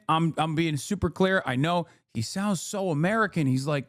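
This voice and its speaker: A man's voice: a little high, moderate pace, no room sound, studio quality. A man reacting to a news clip as a streamer, talking in a heated, sarcastic and profane way. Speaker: streamer commentator.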